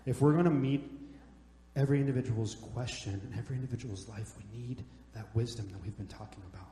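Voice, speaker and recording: A man's voice: medium pitch, quick pace, mellow. Casting: young male pastor, joking storyteller, big church reverb. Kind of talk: sermon. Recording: echoey hall, long reverb.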